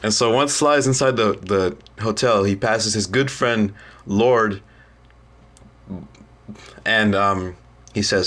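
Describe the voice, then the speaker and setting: A young man, a student, casually retelling a story in a halting way, full of ums and restarts. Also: on the low side, a bit bright. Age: young adult.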